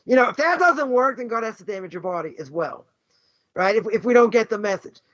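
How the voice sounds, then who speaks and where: This is a high-pitched, fairly bright male voice with lively intonation and a brisk pace, belonging to a Boston rabbi teaching a class. His animated Torah lesson is emphatic, full of rhetorical questions and frequent "right?" and "you know." It's a dull, dry lo-fi recording.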